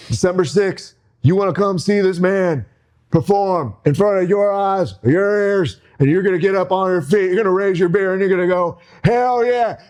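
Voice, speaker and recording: Guy doing a loud brash wrestler voice, higher than his own, trash talking and stretching his words. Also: close to an everyday voice. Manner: loud taunting promo with drawn-out words.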